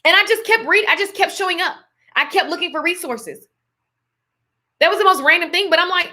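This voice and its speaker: A woman delivers a casual, emphatic motivational talk, sprinkling in pet names like darling and honey. Her voice sits high and sounds bright and clear. She keeps a preachy, church-flavored tone throughout. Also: fairly quick. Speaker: motivational speaker on a live stream.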